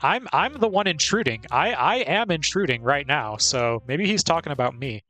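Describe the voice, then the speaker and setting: A man gives casual gameplay commentary in a slightly high voice, playful and talkative. He laughs easily between thoughts, and faint game music plays underneath. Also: expressive, moderate pace, bright, forceful tone. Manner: chatty and playful, laughs often. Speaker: streamer.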